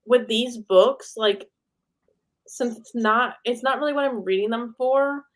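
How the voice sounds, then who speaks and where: A woman's voice: fairly high pitch, unhurried. A young woman co-hosts a book club chat in an easygoing, agreeable tone. She talks in slang and fills her sentences with "like". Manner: relaxed, agreeable, slangy, with many "like" fillers.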